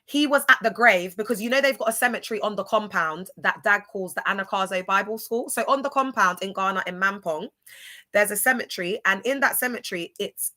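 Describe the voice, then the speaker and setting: A woman runs a casual livestream. She rambles and gossips, sometimes spelling words out letter by letter. Her voice is bright and forceful. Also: mid-range voice. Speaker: livestream host.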